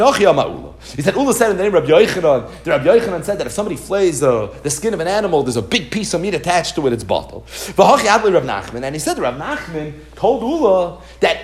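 Animated man teaching a Talmud lesson. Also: sits high, fast talker. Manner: animated, acts out the rabbis' dialogue; Yiddish-inflected Hebrew and Aramaic terms mixed into English.

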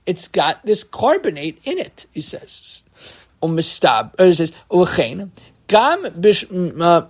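A man's voice: high voice, a little slow, breathy edge. Man lecturing, reading and translating texts. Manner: reads Hebrew sources aloud and translates them line by line; lively, asks the listeners questions. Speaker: rabbi teaching a class. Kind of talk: Torah class lecture.

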